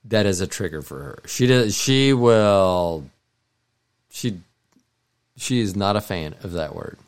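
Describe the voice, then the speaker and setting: A man's voice: lowish voice, animated, takes it slowly, clean tone. A middle-aged man co-hosting a podcast, talking in a casual, meandering way with frequent restarts and self-corrections. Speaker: podcast co-host. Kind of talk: casual rambling monologue.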